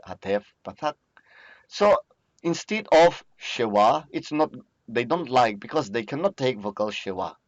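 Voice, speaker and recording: Male lecturer, unhurried, repetitive, dry muffled recording. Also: mid-range voice, dry recording. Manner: repetitive, checks in with "okay?". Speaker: teacher.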